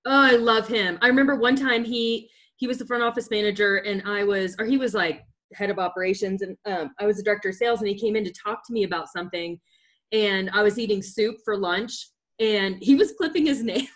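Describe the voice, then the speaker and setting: A woman hosting a casual interview chat, enthusiastic and quick to laugh as she shares memories. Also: medium pitch, steady tone, a bit bright. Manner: chatty, laughs easily, enthusiastic. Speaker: podcast host.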